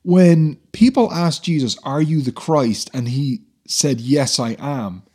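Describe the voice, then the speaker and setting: A man's voice: a little high, takes it slowly, a little mellow, husky. Earnest man explaining scripture. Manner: earnest, explanatory, many fillers. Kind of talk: conversational Bible teaching.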